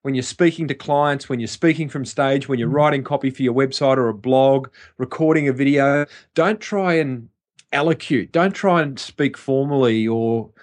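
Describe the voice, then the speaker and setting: A man's voice: mid-range voice, normal speed. A man co-hosting a marketing podcast, sharing reflections in a casual way, with hesitant restarts and frequent fillers. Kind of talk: casual business chat.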